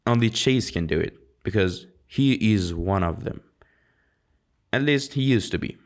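Amateur audiobook reader, man; unhurried, halting, restarts words often. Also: on the low side, expressive. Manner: halting, frequent slips and restarts.

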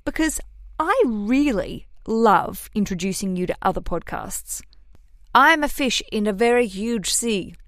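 A woman's voice: medium pitch, lively intonation, measured pace, fairly bright tone, dry recording. Aussie woman chatting on her podcast, swears a lot, jokes at herself, dry close sound. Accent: Australian. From Australia. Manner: chatty, swears, self-mocking. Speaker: podcast host. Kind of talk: casual podcast chat.

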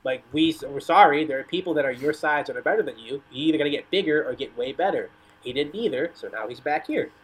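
A man's voice: fairly high pitch, animated, quick pace, slightly rough, low-quality recording. A man talking casually as a guest on a soccer podcast, telling rambling stories full of "like" and "you know". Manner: rambling storyteller, lots of "like".

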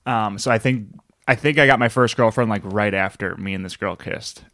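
Rambling low-voiced man chatting. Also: moderate pace, fairly bright tone, dry recording, studio quality. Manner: rambling, self-interrupting storyteller. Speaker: podcast co-host. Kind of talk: casual chat.

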